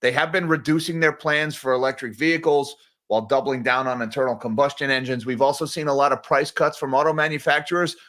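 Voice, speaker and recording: A man's voice: medium pitch, steady tone, fast talker, fairly bright tone. A man hosting a morning market livestream, talking casually and directly to his viewers. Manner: conversational, direct, addresses viewers as guys. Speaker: market news livestream host.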